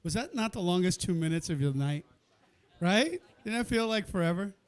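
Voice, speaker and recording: A man's voice: high voice, expressive, moderate pace, clean tone. A man hosting a live cooking competition, calling the countdown and joking with the chefs and the crowd. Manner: joking, chatty, cheers the crowd on. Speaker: event host. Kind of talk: live play-by-play emceeing. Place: indoor cooking event kitchen.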